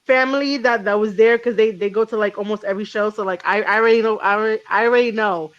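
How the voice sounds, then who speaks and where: A woman's voice: mid-range voice, steady tone, fast, muffled recording. A woman hosting a podcast in casual chat, rambling with lots of ums and restarts and cursing freely. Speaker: podcast host.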